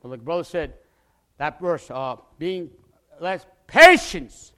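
A male pastor preaching a testimony with passion, often bursting into shouts and repeating words as he starts a phrase. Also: a little high, a little slow.

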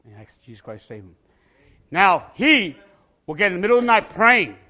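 Man preaching, pastor giving a testimony, high and very bright voice, shouts in bursts, stumbles over repeated words. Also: very animated, brisk. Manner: repeats words while starting phrases.

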